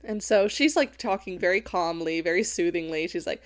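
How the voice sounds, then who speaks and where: A woman co-hosting a podcast, chatting in an animated way about book chapters and often saying "like". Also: lowish voice, fairly quick, few pauses. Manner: chatty and animated, many fillers like "like". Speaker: podcast co-host. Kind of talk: casual book-review chat.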